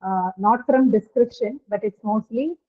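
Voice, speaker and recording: Teaching online via video call, a woman with an Indian English accent explains things one step at a time and makes sure her students follow. Her voice is on the high side and her pace measured, though the audio comes through tinny and phone-like.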